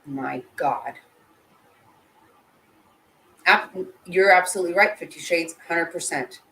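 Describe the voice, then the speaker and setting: A woman with a low voice gives live commentary to her chat. She talks bluntly and emotionally, swears freely and keeps breaking off and restarting her sentences. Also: moderate pace, creaky, bright, forceful tone, poor audio. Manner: blunt and heated, with frequent swearing. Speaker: channel host.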